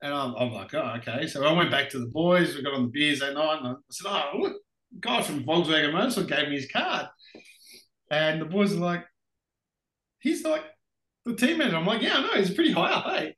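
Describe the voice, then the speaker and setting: Australian male guest, animated storyteller, bright tone, roomy sound. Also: on the high side, brisk. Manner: animated anecdotes, laughs often. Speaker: podcast guest, racing driver. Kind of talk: casual storytelling interview. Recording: roomy echoey room.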